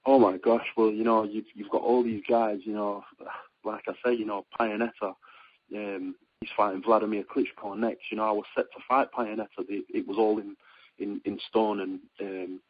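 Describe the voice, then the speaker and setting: A young British boxer gives a casual phone interview in a husky, slightly low voice at a moderate pace. He rambles with plenty of ums and restarts, growing excitable when telling stories, and the dry audio sounds dull and lo-fi, like a radio line.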